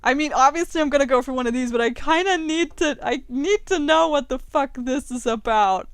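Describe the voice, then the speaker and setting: Young woman streamer, high voice, dry close sound, loud and swearing. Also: brisk, dry recording. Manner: loud, swearing, laughing outbursts. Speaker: game streamer. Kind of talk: let's play commentary.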